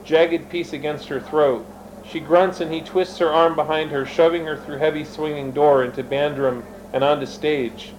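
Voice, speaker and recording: A man's voice: a little high, fairly even intonation, normal speed, a little hiss or hum, rough recording. A man reading his own fiction aloud, switching between narration and character voices and speaking directly to his listeners. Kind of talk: dramatic reading of an erotic story.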